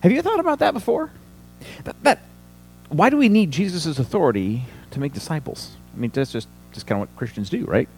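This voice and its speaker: A man's voice: on the high side, sing-song, brisk, gravelly, a little mellow, soft background music. A man preaching a sermon, teaching a passage step by step and asking the congregation rhetorical questions. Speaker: pastor.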